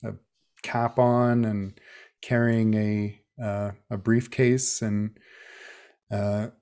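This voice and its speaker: A man's voice: fairly low pitch, little pitch movement, extremely slow, a little mellow, clean tone. A man narrating a tabletop game as game master, hesitant with many fillers.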